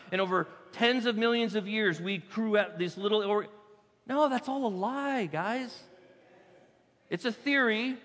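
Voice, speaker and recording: A man preaching from the pulpit with a high, sharp voice, hammering key points and then easing into quiet asides. His handheld mic carries into a church hall with a long, ringing reverb. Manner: emphatic preaching, drops to soft asides. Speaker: pastor. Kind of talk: sermon. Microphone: handheld microphone.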